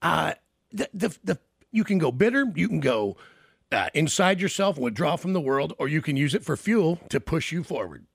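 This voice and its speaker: A man's voice: fairly high pitch, big pitch swings, moderate pace, gravelly, slightly rough, no echo, clean studio sound. A man hosting a radio show, chatty and enthusiastic, laughing often with his guest. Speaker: radio host. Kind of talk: casual radio interview.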